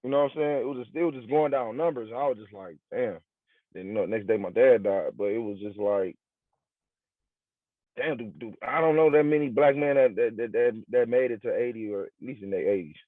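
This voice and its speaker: A man's voice: medium pitch, fairly quick, dry recording. A man co-hosting a podcast in casual chat, talking bluntly and emphatically with heavy slang and swearing. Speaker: podcast co-host. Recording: tinny, dry lo-fi sound.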